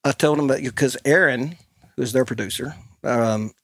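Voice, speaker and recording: A man's voice: medium pitch, normal speed, a bit bright, no echo, studio quality. A man hosting a podcast, telling a rambling anecdote in casual chat and laughing often. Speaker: podcast host.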